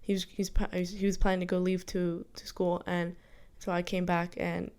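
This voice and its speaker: A woman's voice: lowish voice, flat delivery, a little fast, a little mellow, clear, resonant tone. A young woman vlogger telling a personal story in a casual, rambling, self-reflective way, full of fillers and restarts.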